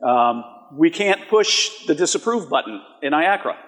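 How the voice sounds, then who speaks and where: A man's voice: on the high side, very animated, a little slow, a bit bright. A man giving a conference presentation, walking an audience through live polls in a conversational way and often asking them rhetorical questions. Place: conference hall. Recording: long reverb of a large hall.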